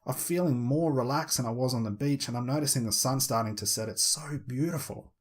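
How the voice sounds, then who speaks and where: A man voicing a relaxed hypnosis client who dreamily recalls lying on a beach. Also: medium pitch, brisk, husky, lightly acted. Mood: dreamy.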